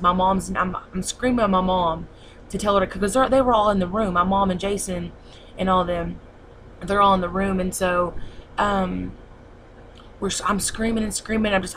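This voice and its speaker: A woman's voice: medium pitch, a bit bright, slight background noise, low-quality recording. A young woman telling a long story in a casual vlog, rambling and repeating herself with many fillers. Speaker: vlogger.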